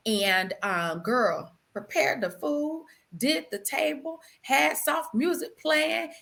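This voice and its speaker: A woman guest telling the story of her marriage with animation and feeling, calling her listener "girl" and dropping to hushed tones at solemn moments. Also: a little high, vocal fry. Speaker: guest sharing her testimony. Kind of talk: emotional personal storytelling.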